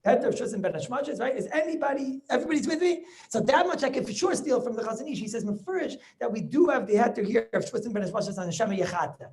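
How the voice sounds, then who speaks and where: A rabbi delivers a Talmud class over a video call in rapid flow, his voice extremely high, expressive and darkish in tone. He talks quickly, repeats words and restarts, and keeps pressing listeners with quick questions to see if they follow.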